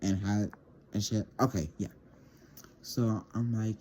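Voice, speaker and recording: A teenage boy chats through a casual storytime, talking straight to his viewers and tripping over repeated words as he rambles. His voice sits low with a soft, mellow tone. A faint hum runs underneath. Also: fairly even intonation, unhurried, long pauses. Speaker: vlogger.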